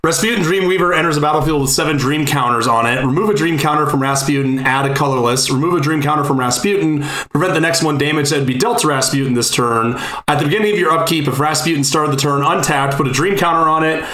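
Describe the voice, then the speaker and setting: A man's voice: a little high, quick pace, few pauses, pushed and bright, reverberant. A man as co-host in a casual card-game chat, teasing and chatty.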